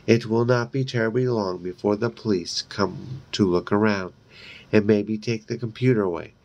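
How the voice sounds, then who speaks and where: A man reading a horror novel aloud in a slow, deliberate way, with brief asides of his own. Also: on the low side, a little mellow, lo-fi sound. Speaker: reader.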